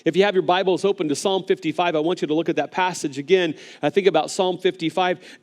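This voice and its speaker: A man preaching a sermon as pastor, earnest and gentle, often repeating words as he starts a phrase and speaking straight to viewers online. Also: high voice.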